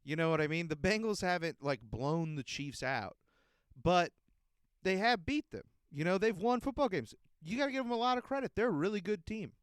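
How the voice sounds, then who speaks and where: A podcast host rants, swearing freely and sounding fed up. His voice sits a little high for a man and comes across smooth and crisp. The recording is dry and close, with no room sound. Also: lively intonation, normal speed, no echo. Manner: profane, heated and exasperated. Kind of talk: casual ranting monologue.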